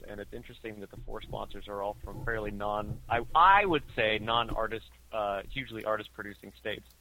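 A man co-hosting a podcast in casual chat, animated and joking as he thinks aloud. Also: mid-range voice, poor audio. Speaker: podcast co-host.

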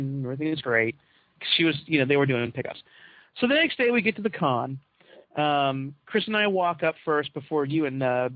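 Guy spinning a story for his cohosts, kinda high voice, acts out the quotes, dull dry lo-fi sound. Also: no room sound. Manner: animated, acts out quoted dialogue. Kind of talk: casual storytelling among co-hosts.

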